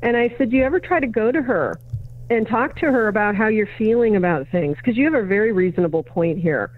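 Quick and expressive at medium pitch, a woman tells a story as a podcast guest, taking on both roles in a remembered dialogue with a distinct voice for each. She's an educator and consultant, heard through phone-like audio from a remote interview.

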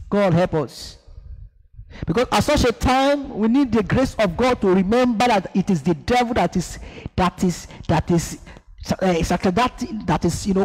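A man's voice: high voice, a little mellow. A man preaching a sermon, emphatic, asking the congregation to repeat after him and acting out scenes. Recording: echoey hall.

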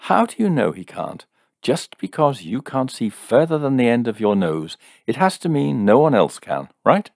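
A man's voice: mid-range voice, big pitch swings, moderate pace, gravelly, a little mellow, no room sound, studio quality, pitched above the performer's own voice. Storybook role: feisty believer girlfriend, argumentative, sarcastic, put on by a male reader. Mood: insistent. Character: defiant young woman who believes in psychics.

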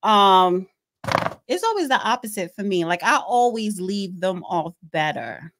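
A woman's voice: mid-range voice, sing-song, a little slow, a bit bright, a little hiss or hum. A woman co-hosting a casual talk show, playful and teasing. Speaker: co-host. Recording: off-mic, distant.

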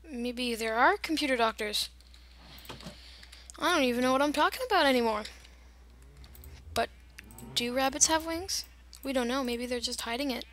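A woman's voice: high-pitched, fairly bright tone, a little hiss or hum. A young woman chatting and rambling through casual gameplay commentary, giggling and wandering off on silly tangents. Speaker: gamer.

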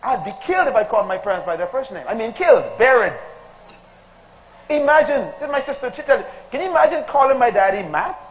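A man's voice: extremely high pitch, quick pace, slight background noise. A male pastor preaching a humorous sermon before a congregation, telling childhood stories, acting out voices and calling on the audience. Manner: animated storytelling, acting out voices, calls to the congregation. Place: church hall before a live congregation. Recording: dull sound in a reverberant hall.

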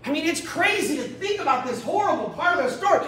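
A man preaching a sermon as pastor, animated, acting out a scripture story in quick little voices. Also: very high voice. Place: church. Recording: echoey church room from a distance.

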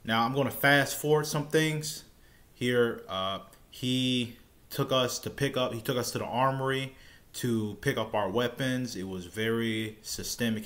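A man telling a personal story in an easygoing vlog style. His voice sits at an ordinary middle pitch. He rambles, restarts phrases and repeats words as he talks. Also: a little slow, fairly bright tone. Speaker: storytelling vlogger. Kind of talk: casual first-person storytime.

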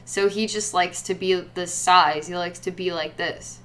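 A woman's voice: on the low side, fairly even intonation, measured pace, a bit bright, a little hiss or hum. A woman giving a guided psychic reading in a rambling way, full of fillers and repeated words. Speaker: psychic reader.

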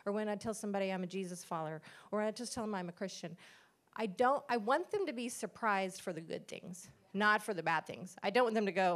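A middle-aged woman shares a church testimony in an earnest, conversational way. She speaks at an ordinary, middle pitch and acts out the lines she quotes from others. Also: brisk. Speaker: pastor's wife sharing a testimony.

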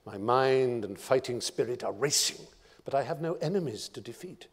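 A man's voice: mid-range voice, expressive, normal speed, husky. A proud, bored emperor declaims his demands, as a man puts him on while telling a story. The voice is commanding and grand. It rings with the long reverb of a lecture hall. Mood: restless, imperious.

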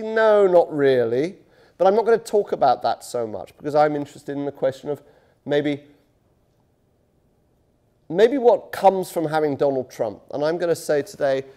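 A man's voice: a little high, dark tone. Chatty middle-aged man giving a lecture. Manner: conversational, self-deprecating, many fillers and restarts. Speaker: guest lecturer. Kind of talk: public lecture. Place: university lecture room. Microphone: touchy handheld mic.

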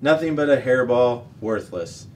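A man's voice: mid-range voice, animated, unhurried, a little mellow, slight background noise, lightly acted. Man voicing a moody dramatic she-cat. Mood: moping. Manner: wailing, self-pitying. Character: proud female ship's cat, dramatic, moody.

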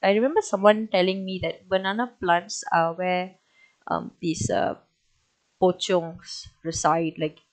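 A woman's voice: fairly low pitch, fairly even intonation, unhurried, no echo, poor audio. A young woman, swearing and nervously chatting through a horror game. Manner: jumpy, swearing, slangy banter. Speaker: gamer.

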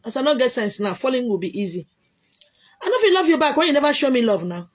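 Nigerian woman, livestream host, fairly high husky voice, emphatic and repetitive. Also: big pitch swings, quick pace. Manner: emphatic, repetitive, bursts of loud exclamation. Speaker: livestream host answering comments. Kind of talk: casual chat.

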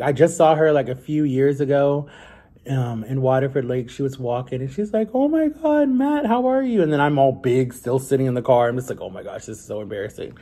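A man's voice: mid-range voice, dark tone, husky. A young man vlogging in a casual, rambling way, with many "like"s and self-corrections as he talks to his viewers. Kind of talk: casual confessional vlog talk.

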